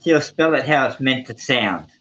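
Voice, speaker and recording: A man's voice: medium pitch, expressive, moderate pace, a bit bright, muffled recording, a little hiss or hum. A man chatting casually in a group, easygoing and playful, chuckling often.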